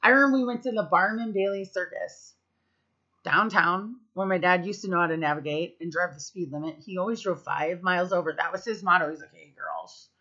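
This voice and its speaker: A bright, forceful-sounding woman in her thirties rambles through family stories to camera, swearing casually and leaning on "like" and "um." The recording is a bit dull and lo-fi. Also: lowish voice, brisk. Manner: chatty, profane, full of fillers. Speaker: vlogger. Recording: slightly muffled lo-fi recording.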